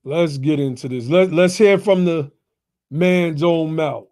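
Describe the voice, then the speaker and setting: A man hosting a casual stream, pausing a video to point things out to his audience. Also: fairly high pitch, a little mellow. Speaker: host of a reaction stream. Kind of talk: casual commentary on a played video.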